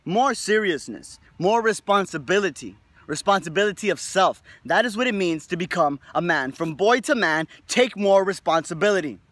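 A man's voice: sits high, lively intonation, brisk, hardly any pauses, fairly bright tone, no echo. A young man giving a casual, rambling motivational monologue to his viewers, swearing freely and tagging sentences with "right?". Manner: rambling, profane, lots of "right?" tags. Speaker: video host.

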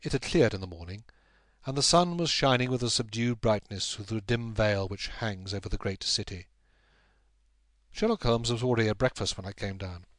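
A man's voice: lowish voice, no room sound. Man narrating an audiobook, dry sound. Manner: measured, steady storytelling. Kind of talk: scripted narration.

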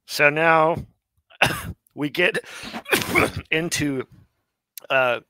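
A man co-hosting a live class who works through translations out loud, fixing his own wording as he goes. He talks slowly and deliberately. His voice sounds dry and close, with no room around it. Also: on the high side, no room sound. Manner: thinks aloud, corrects himself mid-sentence. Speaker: co-host of a Hebrew study class.

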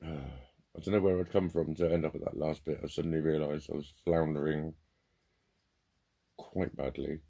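A man with a very deep, gravelly voice talks in a loose, candid monologue. His tone is dark and husky, and he swears freely and jokes at his own expense as he rambles. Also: steady tone, moderate pace. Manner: rambling, sweary, self-deprecating. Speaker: vlogger.

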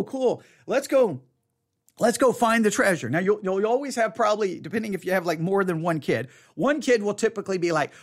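A man, a pastor, giving casual spoken Bible teaching, rambling and animated, with restarts and acted-out voices of excited kids. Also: sits high.

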